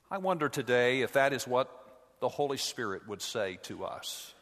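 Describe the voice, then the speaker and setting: Male pastor, sermon, measured and earnest, long church reverb. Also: medium pitch, expressive, fairly bright tone. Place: church sanctuary. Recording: echoey hall.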